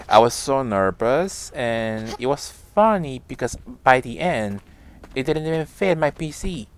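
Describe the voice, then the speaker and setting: Slow-talking male game streamer. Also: mid-range voice, lively intonation, clear, resonant tone. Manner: chatty, reads chat messages aloud and answers viewers. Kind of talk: casual live-stream chat while playing.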